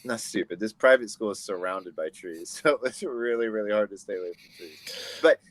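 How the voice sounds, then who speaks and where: A man from the United States, a guest photographer, telling animated stories in a casual interview over a video call. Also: lowish voice, moderate pace, dry recording. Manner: animated storyteller, acts out quoted people.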